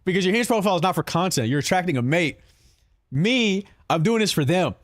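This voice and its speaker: A man streaming, reacting to his own clips in casual chat, animated and swearing, saying bro a lot. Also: sits high, brisk, dry recording, clean studio sound.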